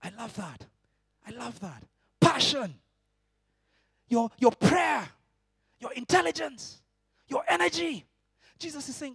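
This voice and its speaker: Preacher guy in his 40s, highish voice, goes from yelling to soft, dry close sound. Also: slow pace, vocal fry, long pauses, breathy edge, no echo. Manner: animated, swinging from loud shouting to soft intimate tones. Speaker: pastor. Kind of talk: sermon.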